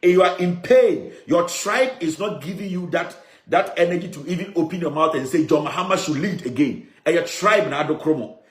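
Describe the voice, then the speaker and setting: A man's voice: on the high side, a little fast, fairly bright tone, reverberant. A man with a Ghanaian accent delivering an emphatic, combative political monologue as a media chief, repeating his points and slipping into Akan phrases. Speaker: media CEO and commentator.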